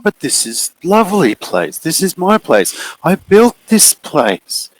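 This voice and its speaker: A man voicing a clingy, menacing unseen male creature with a booming voice in a tabletop game, pleading and possessive in slow, drawn-out lines. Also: very animated, heavily acted, poor audio.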